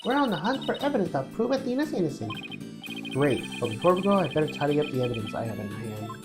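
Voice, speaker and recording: A woman with a low voice voicing a determined young male defense attorney, read aloud over game music. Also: big pitch swings, quick pace. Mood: resolute. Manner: resolute, reassuring.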